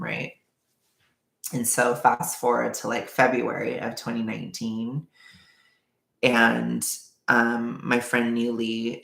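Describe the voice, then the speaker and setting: A man's voice: mid-range voice, gravelly, fairly bright tone. A man vlogger telling a personal story in a candid, emotional, rambling way. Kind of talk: storytime vlog. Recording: echoey room.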